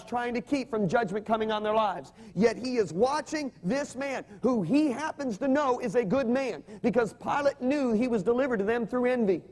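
A man preaching a sermon, telling stories animatedly and having the congregation repeat his words. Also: high-pitched. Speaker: pastor.

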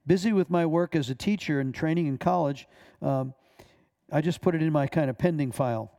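A man who is a minister, reading a personal testimony aloud in a measured way, with small stumbles. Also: a little high, dark tone.

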